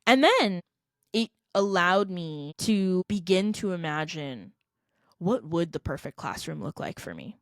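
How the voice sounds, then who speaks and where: Earnest low-voiced woman telling her story. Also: big pitch swings, a little slow, dry recording, studio quality. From California, United States. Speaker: guest, edtech company founder. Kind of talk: personal storytelling in a podcast interview.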